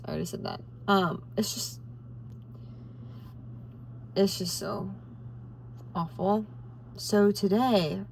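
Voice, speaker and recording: A woman's voice: fairly low pitch, gravelly, recorded from a distance, rough recording. Woman, twenties, vlogger, in pain, frustrated, laughing it off, off-mic, faint noise. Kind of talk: casual vlog talk to camera.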